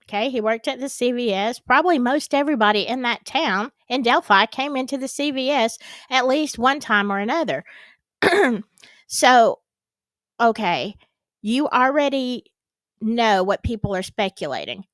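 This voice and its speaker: A woman's voice: on the high side, normal speed, no room sound. A woman giving casual, emphatic commentary on a trial, talking directly to her viewers. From American South. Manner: animated, emphatic, talks to the audience. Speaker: true crime commentator.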